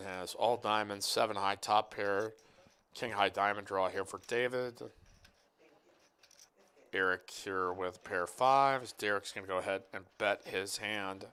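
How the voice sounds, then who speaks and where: A man's voice: on the low side, fairly even intonation, measured pace, pushed and bright, smooth. A man commenting live on a poker final table, rambling about football and reading viewer chat in a joking, casual way. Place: card room commentary booth.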